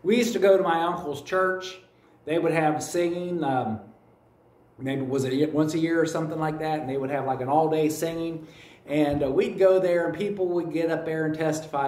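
In a church sanctuary, a pastor from the United States with a Kentucky accent preaches a sermon, telling folksy stories full of repeated phrases. His voice is a little high, steady, and darkish at a moderate pace, heard from a distance in an echoey room.

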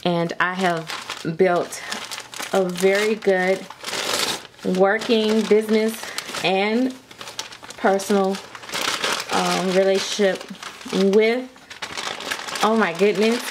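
A woman talks through an unboxing in an unhurried, drawn-out way, giggling and gasping as she goes. She sounds nervous and jittery with excitement. A faint hiss of noise sits under her voice. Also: medium pitch. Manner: excited, giggly, breathless gasps. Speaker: vlogger. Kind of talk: unboxing vlog chat.

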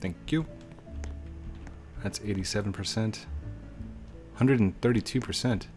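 A man's voice: lowish voice, measured pace, a little mellow, soft background music. A man casually commenting while he plays a building game, chatting to himself and his viewers. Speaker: let's play host.

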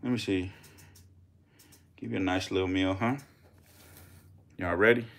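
A young man, giving loud, profane, laughing commentary as a channel host on a casual live stream. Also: low voice, fairly even intonation, measured pace, gravelly. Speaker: channel host feeding snakes.

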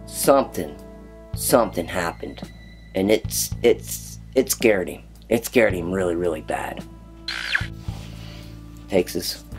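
A man telling a story about his house in a documentary, acting out the voices and knocking noises he recalls. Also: low-pitched. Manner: animated storyteller, acts out quoted voices and knocking sounds.

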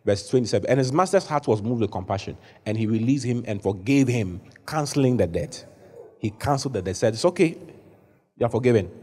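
A man preaching a sermon to a congregation in a large church hall, animated, at times shouting. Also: mid-range voice, brisk. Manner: animated preaching, rising to shouts when acting out the story. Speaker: bishop preaching.

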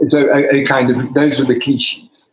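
A man's voice: medium pitch, flat delivery, normal speed. An older man from Britain, a wine bar owner, chatting as an interview guest, often restarting his sentences. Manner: hesitant, many restarts and fillers. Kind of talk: casual interview. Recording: roomy echo.

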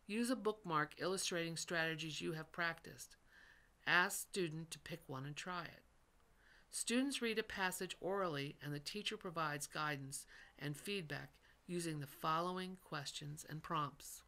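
A narrator reading a scripted professional training module in a steady, instructional manner. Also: mid-range voice, normal speed. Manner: steady, instructional read-aloud delivery. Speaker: teacher trainer.

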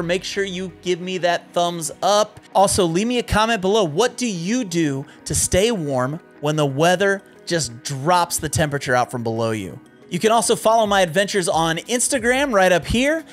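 A man hosting a backpacking vlog, earnestly explaining how to keep warm when hammock camping. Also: high voice. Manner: earnest and instructive, stumbles and jokes in bloopers. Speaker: backpacking YouTuber. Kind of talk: outdoor gear how-to vlog.

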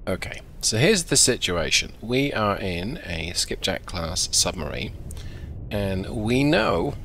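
Gravelly man narrating his gameplay. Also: on the low side, very animated, slow, sharp tone, a little hiss or hum. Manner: chatty, self-deprecating, thinks aloud. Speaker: game video host. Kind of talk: casual gameplay commentary.

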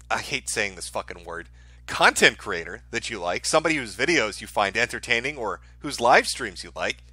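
A man's voice: fairly high pitch, sharp tone, slightly rough, no room sound. A man hosting a live stream, ranting in a profane, heated way. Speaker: streamer host.

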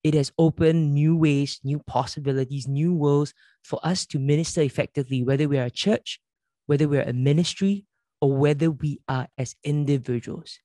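A man's voice: a little high, dark tone, no room sound, studio quality. A man leading a church conference workshop, telling stories in an earnest way and acting out the dialogue. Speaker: church leader giving a workshop. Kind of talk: conference workshop talk with storytelling.

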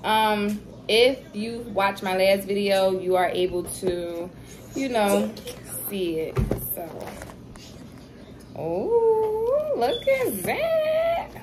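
A woman's voice: mid-range voice, steady tone, slow pace, crowd noise, rough recording. A young woman chatting casually to her viewers while eating, telling a story with laughs. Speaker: vlogger, mother.

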